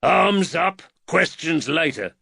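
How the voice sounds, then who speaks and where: A man voicing a stern, protective father who speaks with calm command and dry wit. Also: fairly high pitch, takes it slowly, creaky, husky, dry recording, voice pushed up, heavily acted. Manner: calm, commanding, dryly wry.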